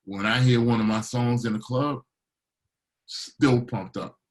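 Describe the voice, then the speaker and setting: A middle-aged Baltimore man, a DJ and producer, speaks at a measured pace in a medium-pitched voice over a rough recording. In a casual interview he tells stories with lots of energy, animatedly acting out what people said.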